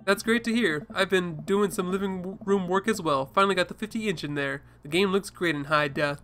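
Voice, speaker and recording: A man's voice: high voice, brisk, fairly bright tone, faint music behind. A man voicing a hearty, folksy, competitive dad who drawls his words.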